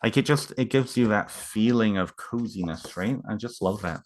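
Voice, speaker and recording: In a casual home vlog, a man unboxing books speaks in a voice on the low side. He's emotional and moved, so his speech is halting, full of fillers and restarts.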